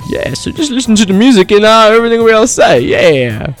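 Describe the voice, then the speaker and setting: A man's voice: high-pitched, very animated, brisk, soft background music, pitched above the performer's own voice. A man doing an impression of a celebrity as a laid-back airline captain with a disco swagger, drawling and tossing in filler. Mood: groovy. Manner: drawling, loose, "yeah yeah" filler.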